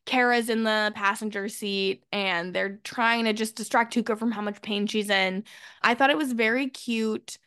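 A woman co-hosting a podcast, chatting casually and loudly as she recaps a TV episode and acts out the characters' lines. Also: mid-range voice, moderate pace, smooth, no room sound, studio quality. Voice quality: loud. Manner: animated, acts out characters' lines when retelling. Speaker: podcast co-host.

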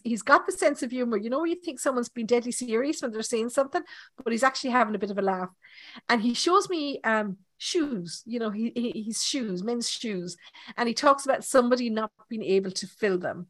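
A woman's voice: a little high, no room sound. An Irish woman hosting a live psychic reading, talking at length and checking in often with her listener. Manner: chatty, checks in with "okay?". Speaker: medium, podcast host.

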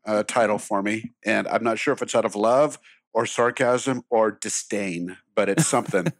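A man being interviewed, joking crudely and swearing in a deadpan way. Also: fairly low pitch, normal speed, no room sound, clean studio sound. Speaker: interview guest. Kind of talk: casual conversation.

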